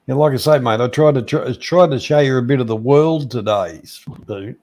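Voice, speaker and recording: A man's voice: mid-range voice, moderate pace, a little mellow, lo-fi sound. A man chatting casually as a guest, making dry, teasing remarks. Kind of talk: casual chat.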